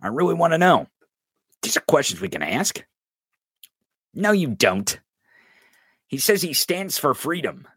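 A man rants as a podcast host, mocking and cursing as he needles a viewer from the chat. His voice sits a bit high and bright and swings widely in pitch. The sound is dry and close. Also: big pitch swings, measured pace, pauses often, husky, no echo. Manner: mocking, profane, addresses a chatter directly. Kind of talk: ranting political commentary.

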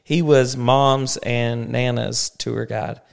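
Chatty dad podcast host. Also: male voice, mid-range voice, level tone, takes it slowly, creaky, smooth. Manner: chatty storyteller, upbeat sign-off. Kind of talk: casual family podcast chat.

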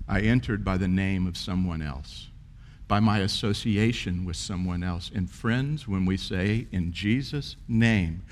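A middle-aged man preaches to his church, his voice sitting at an ordinary middle pitch. He tells stories earnestly and leans hard into his key lines. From South Carolina, USA. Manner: earnest, storytelling, rising to emphatic peaks. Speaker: pastor. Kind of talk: sermon.

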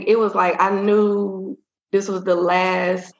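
Woman, interview guest, gravelly voice, roomy dull recording. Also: mid-range voice, little pitch movement, moderate pace. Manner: candid, rambling, many fillers. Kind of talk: casual storytelling in an interview. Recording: roomy, dull-sounding audio.

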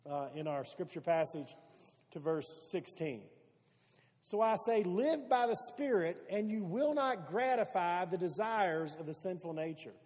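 High-voiced preaching man in a reverberant hall. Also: darkish tone. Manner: earnest preaching, repeats words for emphasis. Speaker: pastor. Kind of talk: sermon.

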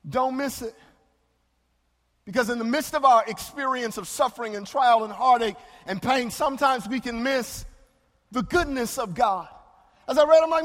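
A male pastor preaching a sermon, moving between loud, drawn-out exclamations and soft, hushed passages. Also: very high voice. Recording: long hall reverb.

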